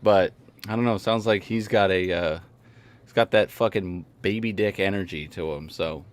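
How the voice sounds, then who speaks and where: A man's voice: low voice, moderate pace. A male guest in a casual chat, joking and playful, riffing on the others' bits.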